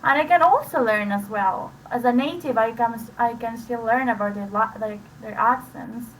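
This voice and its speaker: A woman with a Spanish accent and a somewhat high voice talks through her reading sessions in a loose, rambling way, leaning on "like" and restarting sentences. Her first language is Spanish, and she comes through a computer mic on a voice chat with a faint hiss behind her. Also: moderate pace, a bit bright, rough recording. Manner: rambling, with many "like" fillers and restarts. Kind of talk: casual screen-share explanation.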